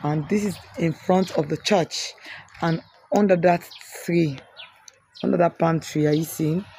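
A woman's voice: fairly low pitch, fairly even intonation, warm tone, a little hiss or hum. Woman, Sierra Leonean Krio accent, vlogger, teasing questions, outdoors, phone camera. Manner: teasing, rapid questioning, then explaining. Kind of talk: casual vlog talk, teasing and touring.

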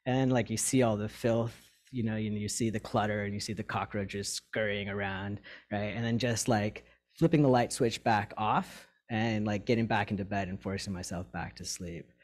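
Candid man with halting, filler-heavy talk. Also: fairly low pitch, steady tone. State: tearing up. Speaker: sangha member sharing his story. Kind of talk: personal talk to a meditation group.

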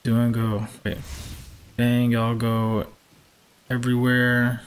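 A man's voice: mid-range voice, completely flat delivery, slow, slight background noise. Chatty streamer man. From Georgia, US. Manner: upbeat, chatty, reads out viewer names. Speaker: game streamer. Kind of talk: live-stream chat while racing.

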